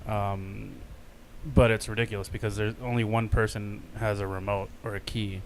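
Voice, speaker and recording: Low-voiced guy co-hosting a podcast, chill rambly talk, casual swearing, bit of hiss behind. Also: little pitch movement, moderate pace. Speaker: podcast co-host.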